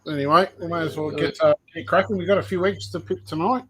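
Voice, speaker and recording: A man's voice: fairly high pitch, fast talker, fairly bright tone, slightly rough, low-quality recording. A man breeding snakes, chatting casually and explaining genetics step by step while he works on a livestream.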